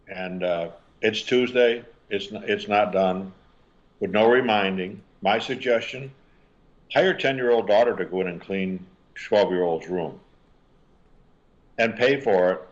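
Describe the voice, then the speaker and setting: An older man, a parenting author and guest, answering interview questions with lively stories. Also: low voice, muffled recording. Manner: animated storytelling, acting out quotes.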